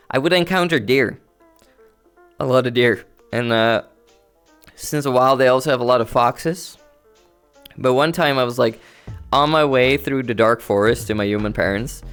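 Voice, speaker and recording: A man chats to his viewers in a relaxed, rambling manner, speaking at a middling pitch into a headset mic at home. Faint music plays quietly behind him. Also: smooth. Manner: easygoing, rambling, talks to chat. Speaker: livestreamer. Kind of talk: casual stream chat with viewers. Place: home streaming setup, playing in VR. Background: faint background music.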